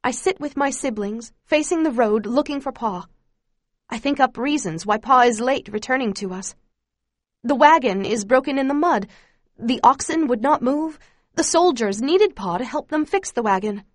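Woman narrator, higher voice, dry close sound, quiet and grave first-person memoir read. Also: normal speed, no room sound. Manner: quiet, steady, grave storytelling.

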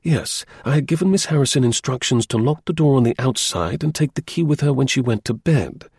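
A man voicing a brisk, dry-witted middle-aged detective in a crisp, measured and confident manner. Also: mid-range voice, animated, a little mellow, no echo. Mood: recounting.

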